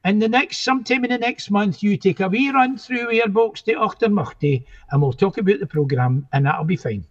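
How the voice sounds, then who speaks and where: Older Scottish bandleader put on by a man, firm but friendly, raised pitch, muffled recording. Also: brisk. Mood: assured. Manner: plain-spoken, calls people son.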